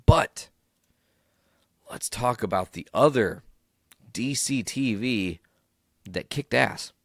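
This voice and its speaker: A man's voice: lowish voice, expressive, takes it slowly, gravelly, dry recording. A man hosting a solo podcast recap in a casual, rambling way, tired and yawning, swearing freely. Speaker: podcast host.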